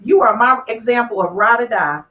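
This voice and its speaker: A woman's voice: on the high side, brisk, fairly bright tone. A woman hosting a live relationship podcast, talking in an emphatic, preachy way. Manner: emphatic, preachy, repeats "do you hear me" and "I'm gonna tell you right now". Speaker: podcast host. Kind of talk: casual live podcast chat. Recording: distant, slightly muffled sound.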